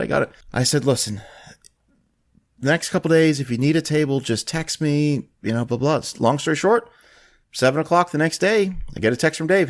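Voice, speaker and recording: A man hosting a podcast, telling a story in casual chat and acting out the people he quotes. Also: fairly quick. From Florida. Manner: animated, acts out quoted voices in a higher pitch. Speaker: podcast host.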